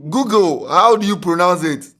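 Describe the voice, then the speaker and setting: A Ghanaian man hosting a podcast, telling a comic story in Ghanaian English with pidgin, animated and laughing, repeating words for effect. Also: high-pitched, moderate pace. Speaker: podcast host.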